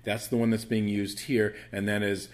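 A man's voice: on the low side, little pitch movement, moderate pace. A man with a soothing voice teaching a Bible study, rambling with frequent restarts and fillers.

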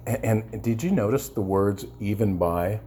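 A male pastor with a lowish, warm voice preaches at normal speed against slight background noise. Passionate throughout, he repeats words, restarts his thoughts, and asks "amen?" of his listeners.

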